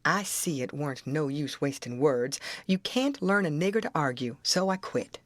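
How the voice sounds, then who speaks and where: A woman narrating an audiobook in a measured storytelling manner. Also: sits low, animated, dry recording.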